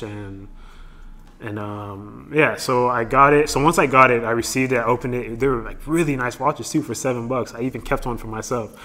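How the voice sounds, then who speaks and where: A young man, a podcast guest, telling his story in a relaxed, easygoing way. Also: medium pitch. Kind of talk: casual storytelling chat.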